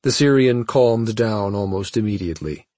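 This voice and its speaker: A man giving scripted audiobook narration in a steady storytelling manner. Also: fairly low pitch, normal speed, no room sound.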